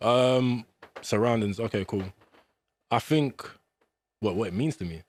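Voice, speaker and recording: A man's voice: medium pitch, measured pace. A man with a London accent, a rapper guest in a radio interview, talking in a laid-back, slangy way and thinking aloud with fillers. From Greenwich, London. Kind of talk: casual interview. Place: radio studio.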